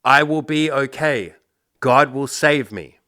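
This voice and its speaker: A man's voice: lively intonation, measured pace, a bit bright, no room sound, studio quality. A man voicing a devout man stranded in a flood who keeps pleading and insists his faith will save him. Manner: pleading, insistent, higher pitched.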